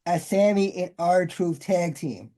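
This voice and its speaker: A co-host with a mellow, dark-toned voice of middling pitch. They drop in quick comments and laugh often during a relaxed chat about wrestling. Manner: short laughing interjections. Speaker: podcast co-host. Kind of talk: casual chat.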